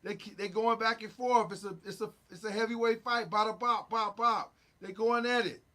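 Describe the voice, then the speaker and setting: A man hosting a casual sports talk show, recapping games in an animated, joking way with sound effects. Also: high-pitched, normal speed.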